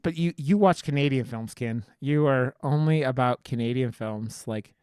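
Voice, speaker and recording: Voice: mid-range voice, moderate pace, darkish tone, clean tone, dry recording. Rambling podcast co-host, dry sound. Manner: rambling, restarts a lot, swears casually. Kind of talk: casual horror movie review chat.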